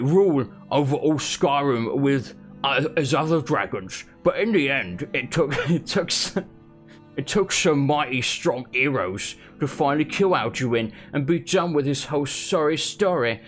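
A man reading an in-game book aloud in a put-on Essex accent, voicing a dim-witted, boastful male Nord author who lectures slowly and rambles. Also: mid-range voice, lively intonation, soft background music, lightly acted. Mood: lecturing.

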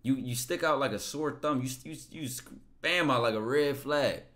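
A man's voice: mid-range voice, normal speed, a bit bright. A man streaming, reacting to a clip and talking to his chat emphatically, repeating himself.

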